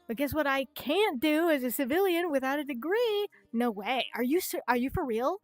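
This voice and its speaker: Young woman VTuber with a high voice and a dry close mic, faint music behind. Chats casually, rants and swears freely. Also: moderate pace, no room sound. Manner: animated ranting, frequent swearing, acts out voices. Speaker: VTuber streamer. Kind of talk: casual livestream chat.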